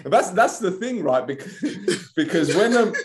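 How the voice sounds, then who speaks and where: A man's voice: high voice, a little slow, reverberant, a crowd in the background. A man co-hosting a casual football podcast, joking and telling stories. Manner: joking, animated storyteller who slips into mock voices. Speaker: podcast co-host.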